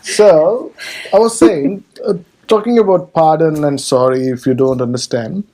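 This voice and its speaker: A man's voice: a little high, measured pace, dark tone. A man from India hosting a podcast in casual conversation, asking probing questions and laughing often. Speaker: podcast host.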